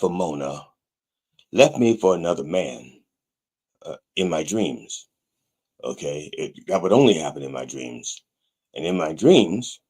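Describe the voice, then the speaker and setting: A man hosting a comic sermon show, rambling with wry, deadpan asides. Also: sits low, husky. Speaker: pastor and show host.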